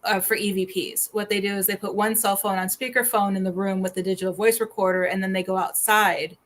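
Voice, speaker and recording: A woman hosts a relaxed paranormal talk show. She tells her stories in a chatty, animated way, with a voice of middling pitch. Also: fast. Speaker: host. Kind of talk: casual chat.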